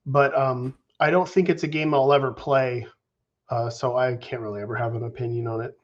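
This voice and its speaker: A man's voice: medium pitch, fairly even intonation, a little fast. Rambling man on a lo-fi call. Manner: rambling, restarts, casual swearing. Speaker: game designer guest. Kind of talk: casual live Q&A chat.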